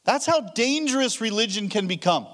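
High-voiced man giving a casual sermon. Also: lively intonation, normal speed, fairly bright tone. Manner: casual storytelling with frequent restarts. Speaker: pastor. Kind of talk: conversational sermon.

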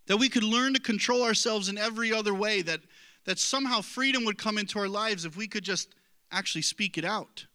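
Bright, high-voiced male pastor preaching. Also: a little fast. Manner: earnest, conversational, self-deprecating. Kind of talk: sermon.

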